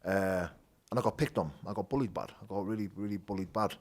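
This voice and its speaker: A man with a Teesside accent telling his rough childhood story as an interview guest, blunt and animated, swearing freely. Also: lowish voice, quick pace. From North East England. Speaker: guest, bare knuckle fighter. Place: gym.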